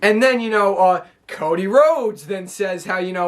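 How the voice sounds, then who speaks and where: A man's voice: high voice, slow pace, fairly bright tone. A man casually recapping a wrestling show, rambling with lots of fillers and restarts.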